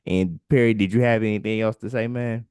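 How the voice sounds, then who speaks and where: A man's voice: lowish voice, steady tone, brisk, darkish tone, clear, resonant tone, dry recording, studio quality. A man co-hosting a casual podcast, urging listeners in a preachy way and ending lines with "man". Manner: preachy, repeats "man" at line ends. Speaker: podcast co-host.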